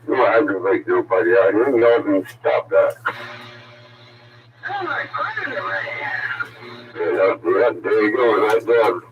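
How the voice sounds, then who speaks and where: A man's voice: lowish voice, moderate pace, hardly any pauses. A man in a loose, casual CB radio chat, calling out to other operators. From South Carolina, US. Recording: distant, muffled CB radio with loud static.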